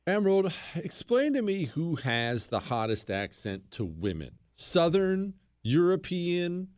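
A man's voice: fairly high pitch, big pitch swings, measured pace, darkish tone, clear, resonant tone, no room sound, studio quality. A man hosting a talk radio show, asking questions in a playful, joking way. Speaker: radio host.

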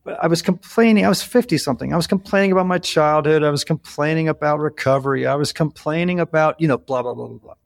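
Gravelly-voiced man hosting a podcast. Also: on the high side. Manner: reflective, storytelling, slows down for emphasis. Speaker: podcast host. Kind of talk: conversational interview. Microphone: video call.

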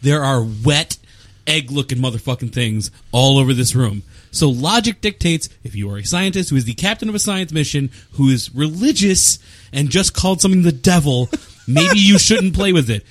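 A man's voice: on the high side, expressive, moderate pace, no echo. A man co-hosting a casual film discussion, retelling scenes with sarcasm and profanity. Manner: sarcastic storyteller, swears casually. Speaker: podcast co-host.

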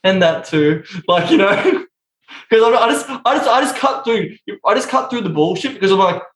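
A young man in casual podcast chat, blunt, profane and animated. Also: very high-pitched, normal speed, echoey room, low-quality recording.

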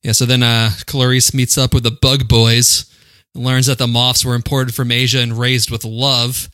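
Bright, dry-voiced man recapping a film. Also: mid-range voice, level tone, moderate pace, no echo. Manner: recaps the plot, dry and profane. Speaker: podcast co-host. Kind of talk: casual film-discussion chat.

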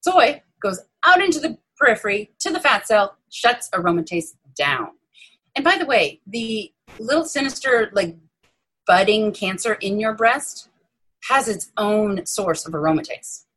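A middle-aged woman surgeon talks as an interview guest, her pitch swinging widely as she explains. Her voice has a husky edge, and she keeps things playful with self-mocking asides. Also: sing-song, unhurried, a bit bright, rough recording. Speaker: breast cancer surgeon, guest. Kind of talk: animated explanatory interview talk.

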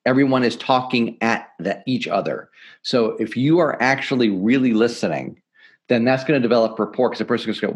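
Energetic man coaching on sales. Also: mid-range voice, brisk. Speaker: sales expert guest. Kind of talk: podcast interview, teaching sales tips.

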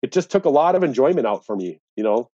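A man's voice: mid-range voice, big pitch swings, fast talker, mellow, no echo, highs cut off. A man in an interview, earnestly recounting a dispute with officials and growing indignant. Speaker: interviewee, angler. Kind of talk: conversational storytelling.

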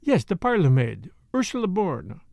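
Poirot, a man doing a fussy excitable detective. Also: sits high, moderate pace, creaky, no room sound, clean studio sound, heavily acted. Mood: probing. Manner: precise, emphatic, muttering to himself. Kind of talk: audiobook character voice.

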